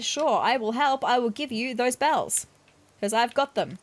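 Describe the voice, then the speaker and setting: A woman's voice: fairly high pitch, expressive, a little slow, a little hiss or hum. A woman hosting a casual let's-play, chatting through her game and reading dialogue aloud. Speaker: gaming video host.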